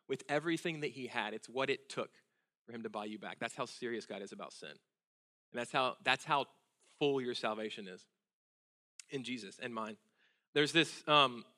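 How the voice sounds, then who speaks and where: A man in his thirties preaching a sermon in a church, telling stories with earnest feeling and dropping to a hushed intensity. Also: mid-range voice. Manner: earnest, emotional storytelling, drops to hushed intensity. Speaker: pastor. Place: church sanctuary.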